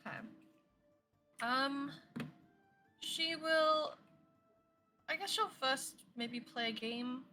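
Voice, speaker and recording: A woman playing a tabletop game, playful and quick to laugh. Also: sits high, pushed and bright, faint music behind. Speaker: player.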